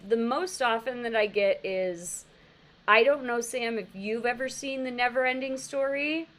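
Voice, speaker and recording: A woman with a slightly high voice chats casually on a podcast. She tells stories with animation and laughs easily. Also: normal speed. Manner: animated storyteller, laughs often. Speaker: podcast co-host. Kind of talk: casual chat.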